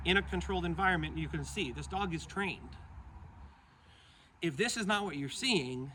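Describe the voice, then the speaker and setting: A man's voice: sits high, pushed and bright, slight background noise. A man who trains dogs explains training to the camera outdoors, upbeat and full of praise for the dog.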